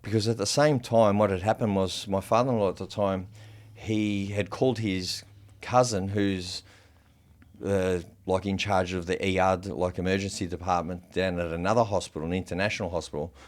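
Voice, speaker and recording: This man, appearing as a podcast guest, shares a personal story animatedly and casually, with plenty of swearing and fillers. He has a deep voice and talks at a normal pace.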